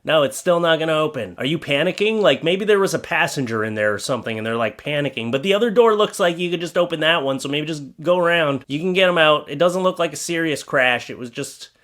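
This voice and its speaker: Wisecracking man with a higher voice. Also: lively intonation, quick pace, few pauses, fairly bright tone. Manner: joking, sarcastic asides. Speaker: YouTube host. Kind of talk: comedic reaction commentary.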